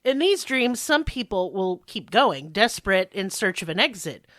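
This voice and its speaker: A woman's voice: medium pitch, sing-song, normal speed, fairly bright tone, dry recording, clean studio sound. A woman in her twenties co-hosting a podcast, blunt and crude, joking between bits read from notes. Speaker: podcast co-host. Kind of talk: casual podcast chat.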